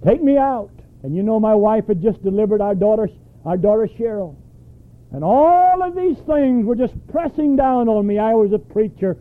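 A man's voice: sits high, normal speed, phone-quality sound. A man preaching a sermon, emphatic and throwing questions at his congregation.

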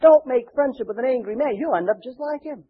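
A man's voice: extremely high pitch, brisk, slightly rough. A male pastor preaching a sermon in a conversational way, often asking rhetorical questions and repeating words. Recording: dull lo-fi church recording.

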